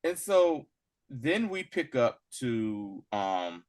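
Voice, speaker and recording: A man co-hosting a casual podcast episode review, slangy and animated, often acting out characters' lines. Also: mid-range voice, drawn-out words. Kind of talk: casual chat.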